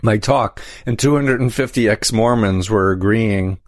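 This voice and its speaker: Low-voiced man explaining in dry sound. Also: no room sound. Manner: measured, explanatory, frequent restarts. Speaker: guest, cult expert. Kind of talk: conversational interview.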